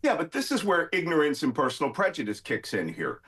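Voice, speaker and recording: A man's voice: on the high side, wildly swooping pitch, brisk. A middle-aged man, a guest commentator arguing emphatically in a heated debate. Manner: emphatic, forceful.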